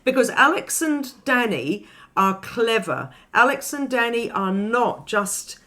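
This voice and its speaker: A woman co-hosting a film podcast, talking in a chatty, animated way with lots of asides. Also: a little high, takes it slowly. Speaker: podcast co-host. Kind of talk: casual film discussion.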